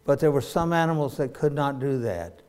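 An older man preaching a sermon. He tells homely stories in a folksy drawl, his voice sitting at an ordinary middle pitch, and he now and then breaks into loud, ringing cries. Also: animated, normal speed, clear, resonant tone.

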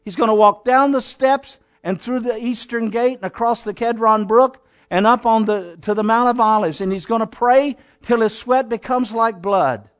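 High-voiced man preaching dramatically. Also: normal speed, few pauses. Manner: dramatic, addresses listeners as "my friend"; builds with repeated phrases. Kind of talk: sermon.

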